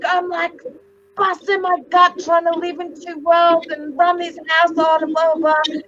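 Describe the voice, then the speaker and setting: A woman in her forties, a psychic medium guest, telling stories in a dramatic, animated way and swearing freely on a video call. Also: very high voice, moderate pace, highs cut off. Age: 40s. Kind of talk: casual video interview chat.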